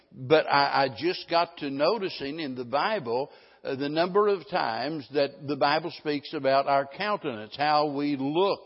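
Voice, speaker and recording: Middle-aged male pastor, folksy rambling sermon delivery, pitched a little high, muffled lo-fi recording. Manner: folksy, rambling, with many restarts. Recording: dull lo-fi sound with a long hall reverb.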